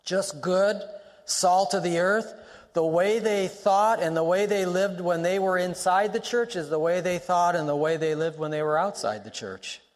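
A man's voice: high-pitched, normal speed. A male pastor preaching a sermon, emphatic, repeating lines for stress and weaving in personal stories. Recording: long reverb of a large hall.

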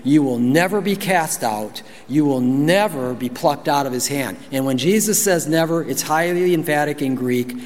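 A male pastor delivers a lively sermon, switching into higher voices to act out quotes and chuckling along the way. His voice sits a little high for a man, and long reverb trails each phrase as if from a large church hall. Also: normal speed, few pauses. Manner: animated, acts out quotes in high voices, laughs.

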